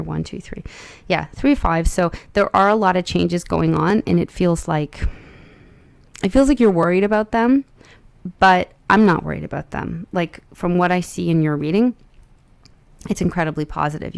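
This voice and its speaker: A woman's voice: fairly low pitch, gravelly, dry recording. A young adult woman giving a casual, chatty tarot reading, upbeat and rambling with plenty of fillers. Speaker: tarot reader.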